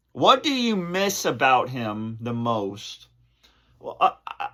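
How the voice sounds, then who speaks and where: A man hosting his channel, answering fan questions on camera in a halting, emotional way, full of fillers and restarts. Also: a little high, bright, forceful tone. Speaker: channel host.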